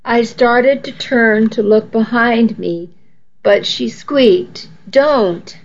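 A woman's voice: on the high side, slow pace, highs cut off. A woman narrating a first-person story in a wry, self-mocking tone.

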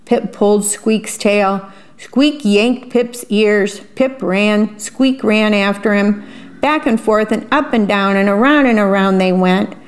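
A woman reading a picture book aloud and pausing to describe the pictures in a chatty aside. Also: mid-range voice. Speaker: storyteller.

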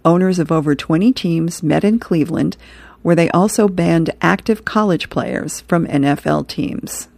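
Low, gravelly-voiced woman host. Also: moderate pace, dry recording. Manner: relaxed, chuckles at the jokes. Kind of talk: reading comics and history aloud.

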